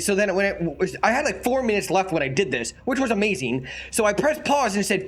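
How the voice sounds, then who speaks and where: Lively, profane man joking. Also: high voice, fast talker, hardly any pauses. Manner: animated, profane, laughs at his own jokes. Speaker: podcast co-host. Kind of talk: casual chat.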